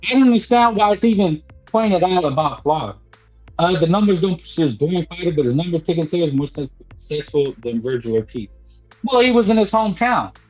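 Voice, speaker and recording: A high-voiced boxing talk host delivers a casual commentary monologue, emphatic and preachy, repeating himself and sprinkling in "man." He talks a little fast with lively intonation, and faint music runs under the dull, lo-fi audio.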